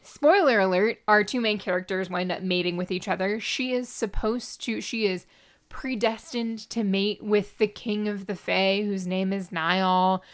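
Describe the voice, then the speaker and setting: A woman's voice: mid-range voice, unhurried. A woman co-hosting a casual podcast, wryly recapping a book and reading passages aloud. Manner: wry, animated, reads passages aloud. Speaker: podcast co-host reviewing a book. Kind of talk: casual chat.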